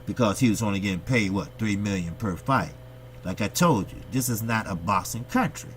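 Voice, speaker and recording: A man's voice: lowish voice, expressive, normal speed, a little hiss or hum. A man from the United States hosting his boxing channel, giving a blunt, profane, opinionated monologue and firing rhetorical questions at his viewers. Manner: blunt, profane, ranting delivery.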